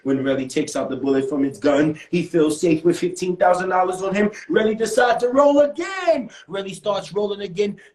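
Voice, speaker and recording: A man telling a comic street story, animated and repetitive with dramatic outbursts. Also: sits high, normal speed, hardly any pauses. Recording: roomy echo.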